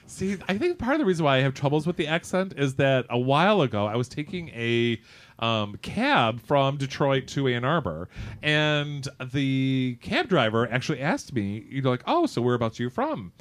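A man's voice: medium pitch, moderate pace. A young man from Michigan chatting casually, telling stories with lots of laughter. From Michigan, USA. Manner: animated, laughs often, storytelling. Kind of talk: casual chat.

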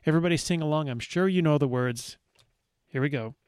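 A man's voice: fairly high pitch, brisk, darkish tone, smooth, no room sound. A man hosting a radio show from a studio, introducing records with wry, dry asides.

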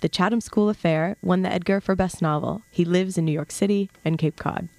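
A woman hosting a radio interview in a studio, halting and restarting her questions. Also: fairly low pitch, vocal fry, warm tone, no echo. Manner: hesitant, many fillers and restarts. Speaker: radio show host.

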